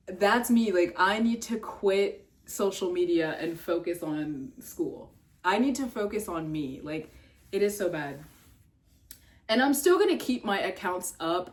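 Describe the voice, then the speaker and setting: A young adult woman vlogging in a casual, rambling way, full of fillers and swearing, jumping up in pitch when exasperated. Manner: filler-heavy, swears, trails off and restarts.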